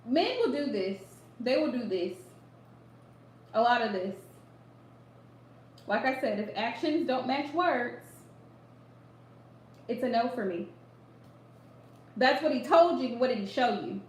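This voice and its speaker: Woman doing a live chat with viewers, high voice, says things twice for emphasis, kinda echoey room. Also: a little slow, pauses often, a little hiss or hum. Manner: animated, repeats lines for emphasis, laughs often. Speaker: livestream host giving readings.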